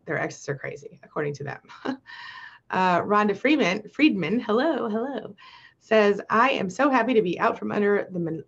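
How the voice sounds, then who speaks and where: Gravelly, husky woman chatting on a live stream. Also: lowish voice, lo-fi sound. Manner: chatty, laughs often, reads viewer comments aloud. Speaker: host of a live support stream. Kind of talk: casual live chat reading comments.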